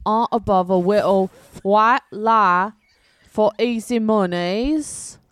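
A woman's voice: mid-range voice, takes it slowly, clean tone, dry recording. A woman in a casual chat with friends, making dry wisecracks.

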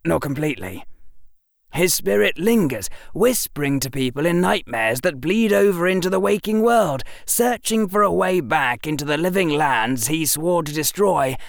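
A man's voice: on the high side, gravelly, no echo, clean studio sound, pitched above the performer's own voice, full character voice. A man voicing a clever, flippant eleven-year-old boy wizard in a wry, rambling manner. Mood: theatrical. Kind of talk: audiobook character voice.

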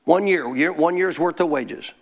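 A man teaching scripture in a folksy, informal way, prompting listeners to answer him out loud. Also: a little high, moderate pace, vocal fry. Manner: call-and-response, prompts listeners to answer aloud. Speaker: Bible teacher. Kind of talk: interactive Bible teaching.

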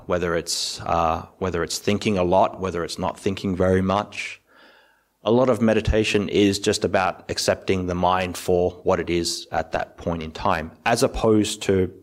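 A male Buddhist monk giving a calm, explanatory meditation talk with everyday analogies. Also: deep voice.

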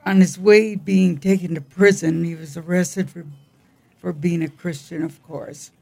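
An older woman co-hosting a casual chat about the week's feast days, with a gravelly voice and frequent throat clearing, speaking in a wry, halting way. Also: on the low side, steady tone, dark tone. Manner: unhurried, wry, halting reading. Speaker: co-host.

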